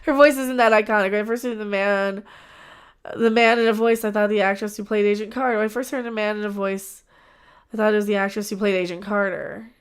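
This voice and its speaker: A woman's voice: medium pitch, steady tone, fairly quick, smooth. A young woman hosting a casual livestream, rambling and chatty, often trailing off and restarting. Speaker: livestream host.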